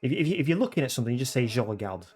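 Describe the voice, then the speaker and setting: A chatty man talks loosely to his stream viewers from a room at home, at an average pitch. He repeats words, stops mid-phrase and corrects himself, keeping a relaxed, rambling flow. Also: rapid-fire, breathy edge. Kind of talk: casual livestream chat.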